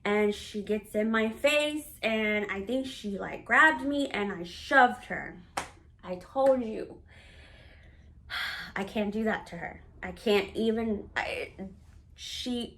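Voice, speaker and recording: A vlogger in her thirties, with a mid-range and slightly bright voice, candidly tells the camera about a family conflict in her personal vlog. She animatedly acts out the quoted dialogue as she shares the story.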